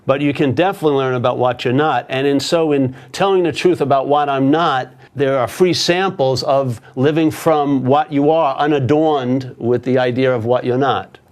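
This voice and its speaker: A man's voice: medium pitch, moderate pace, few pauses. A man, a spiritual teacher, telling a story casually and often checking in with "yeah?". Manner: casual, animated, tags with "yeah?". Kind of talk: storytelling in a conversation.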